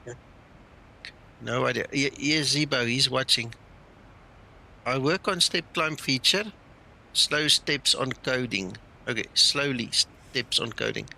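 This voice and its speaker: A man's voice: mid-range voice, creaky, pushed and bright, slight background noise, rough recording. A man casually chatting on a flight simulator live stream, thinking aloud as he flies and talking with people on the call.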